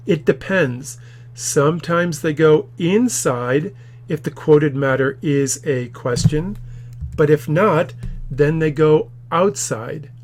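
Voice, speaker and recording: A man in his office teaching a grammar tutorial, explaining patiently and acting out quoted lines with the odd loud shout. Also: on the high side.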